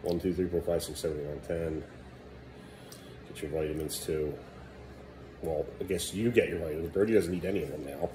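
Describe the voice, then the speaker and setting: A tired father chatting casually with his young kids in the kitchen of the family home, weary and exasperated, sometimes raising his voice and often trailing off low and mumbly. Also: fairly even intonation, brisk, long pauses, noisy background. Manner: raises his voice at a defiant child.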